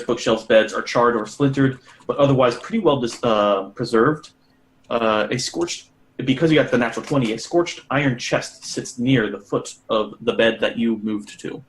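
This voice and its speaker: A man runs a tabletop game in a middle-pitched voice. He narrates in a loose, rambling way with many fillers. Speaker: game master.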